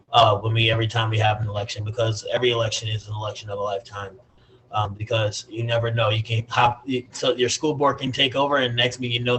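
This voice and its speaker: A man's voice: medium pitch, a bit bright, a little hiss or hum, rough recording. Emphatic man organizer on a laptop call. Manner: emphatic, preachy, many fillers. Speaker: party community organizer. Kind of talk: remarks on a video call. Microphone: laptop on a video call.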